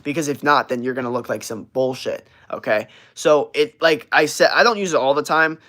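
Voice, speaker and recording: A man's voice: mid-range voice, a little fast, sharp tone. A young man hosting a livestream, chatting casually in a brash, profane, rambling way with lots of fillers and restarts. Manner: reads and answers live chat messages. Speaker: livestream host.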